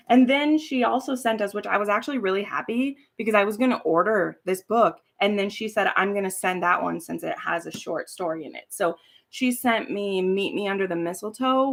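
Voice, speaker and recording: Rambly woman chatting on her live stream, bit of vocal fry, swears a lot. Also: mid-range voice, fairly bright tone. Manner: chatty, rambling, swears casually, laughs easily. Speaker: booktube host. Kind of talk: casual live-stream chat. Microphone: streaming from home setup.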